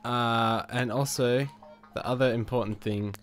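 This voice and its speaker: A man's voice: medium pitch, fairly even intonation, unhurried, faint music behind. A man with a stuffed-up cold, casually commenting on his life-sim game with lots of fillers, restarts and chuckles. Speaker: gaming channel host. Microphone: new desk microphone.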